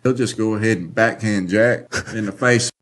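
A man's voice: on the low side, steady tone, normal speed. A man chatting casually, telling folksy stories that trail off at the ends. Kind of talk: casual chat.

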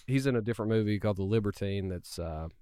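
A man's voice: lowish voice, quick pace, mellow. A man co-hosting a casual chat, teasing the others. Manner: laid-back, teasing.

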